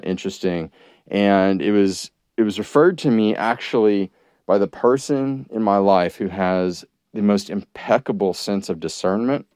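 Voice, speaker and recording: Low-voiced man rambling on a podcast. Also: a little mellow, smooth, no echo, clean studio sound. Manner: rambling, with many restarts and fillers. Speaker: podcast host. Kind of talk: casual monologue.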